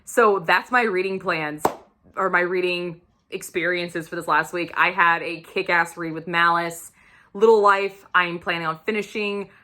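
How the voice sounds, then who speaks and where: A woman book vlogger giving a casual weekly reading update, excitable and gushing, swearing freely as she talks. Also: fairly low pitch, a little slow, noisy background.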